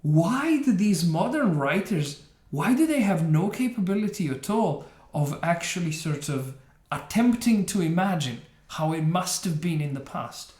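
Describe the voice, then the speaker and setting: Male reaction host, slightly high voice, mocking and opinionated, roomy sound. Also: lively intonation, unhurried, few pauses, darkish tone. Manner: sarcastic, scornful, laughs often. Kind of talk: opinionated game reaction commentary. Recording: roomy echo.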